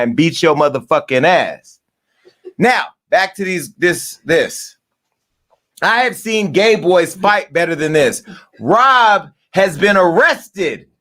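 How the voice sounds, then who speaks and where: A man hosting a gossip show, telling profane stories in a brash, rowdy monologue. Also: sits high. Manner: brash, profane, storytelling with loud asides. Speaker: host.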